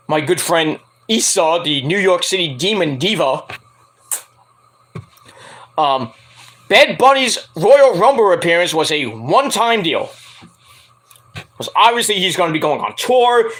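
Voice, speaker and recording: A man hosting a casual wrestling news stream, rambling, joking and swearing, his voice hoarse from hours of screaming. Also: on the high side, fairly bright tone. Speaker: stream host.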